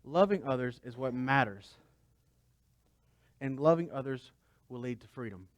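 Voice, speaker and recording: A man's voice: mid-range voice, animated, unhurried, no echo. A man pastor giving a conversational sermon, asking the congregation rhetorical questions.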